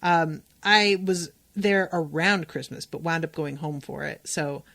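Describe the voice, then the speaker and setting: Chatty woman podcast host, low-ish voice. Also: fairly even intonation, unhurried, creaky, a bit bright. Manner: chatty and enthusiastic. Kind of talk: casual TV episode recap.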